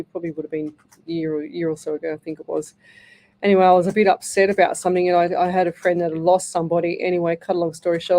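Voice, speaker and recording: An Australian woman in middle age talks on a live radio show as a psychic medium, rambling, restarting and filling gaps. Her voice sits a little low and sounds mellow and warm. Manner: rambling, with many restarts and fillers.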